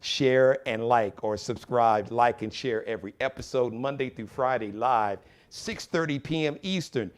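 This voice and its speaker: A man hosting his own live show, talking with animated, preachy conviction and acting out other people's voices. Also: medium pitch, a little slow, hardly any pauses. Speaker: show host.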